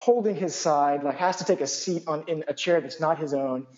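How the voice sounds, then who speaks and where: A male physician telling a personal anecdote in an animated, self-deprecating way, full of asides. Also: on the high side, normal speed, lo-fi sound.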